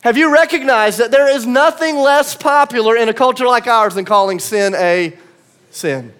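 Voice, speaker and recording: A male pastor preaching a sermon, conversational and swinging from quiet asides to emphatic calls. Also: very high-pitched, moderate pace, smooth.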